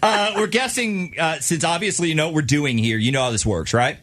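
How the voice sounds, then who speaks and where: A man's voice: on the high side, fairly quick, fairly bright tone, no room sound, studio quality. A man co-hosting a radio show, talking in a joking, teasing way. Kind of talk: morning radio banter.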